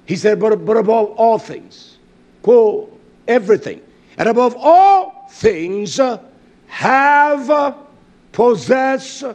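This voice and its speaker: A man preaching a sermon, emphatic and repetitive, with sudden shouted bursts. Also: very high voice, animated, slow pace.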